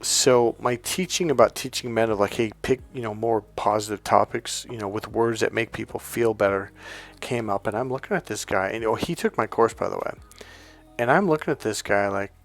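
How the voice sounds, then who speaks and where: A man's voice: fairly low pitch, brisk, soft background music. A male dating and relationship coach telling stories in a casual, rambling monologue full of restarts and asides.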